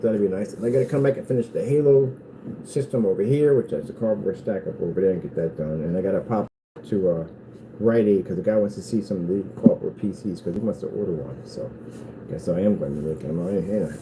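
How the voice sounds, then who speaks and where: A small business owner with a deep voice talks fast in a rambling, casual vlog from his workshop, with a noisy background. He taunts his critics, mocking the haters in a sing-song voice.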